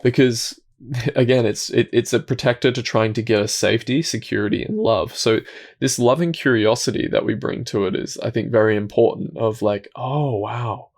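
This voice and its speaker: A man hosting a reflective self-help talk, speaking calmly and gently, often restarting his thoughts and dropping into soft, quiet asides. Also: medium pitch, moderate pace. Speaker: self-help video host.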